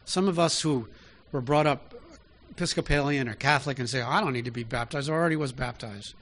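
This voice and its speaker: A man's voice: mid-range voice, fairly quick, a bit bright, a little hiss or hum. A man preaching a sermon in an easy, conversational way, often asking his listeners direct questions.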